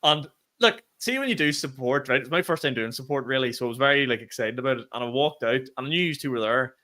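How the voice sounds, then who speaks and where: Fast-talking young Northern Irish man. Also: medium pitch, animated, sharp tone. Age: young adult. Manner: quick storytelling with swearing and fillers. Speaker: podcast co-host, comedian. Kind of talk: casual chat.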